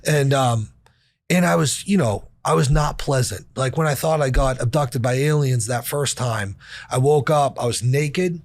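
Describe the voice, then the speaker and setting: A man's voice: medium pitch, moderate pace, no room sound. A man in his thirties telling a candid personal story in casual conversation, swearing casually and acting out quoted dialogue. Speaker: podcast guest.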